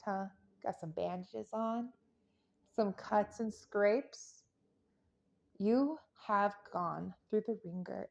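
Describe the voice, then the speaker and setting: A woman's voice: medium pitch, darkish tone, highs cut off. A woman giving a casual tarot reading, chatty and playful, rambling into jokes and silly sound effects. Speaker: tarot reader.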